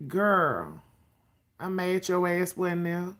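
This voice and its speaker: A woman's voice: fairly low pitch, very animated, slow pace, fairly bright tone. A woman hosting a casual livestream, sassy and profane, greeting viewers by name. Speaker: livestream host.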